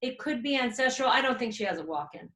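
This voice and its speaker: A woman's voice: on the high side, lively intonation, fast talker, pushed and bright. A woman shaman guiding an energy healing over a video call, with soothing, repetitive invocations. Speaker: shaman healer. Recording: roomy echo.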